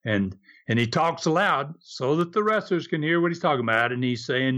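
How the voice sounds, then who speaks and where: A man's voice: fairly high pitch, lively intonation, normal speed, hardly any pauses, pushed and bright. An older man in his seventies, telling anecdotes as an interview guest, chuckling often and acting out the quotes. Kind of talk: storytelling interview.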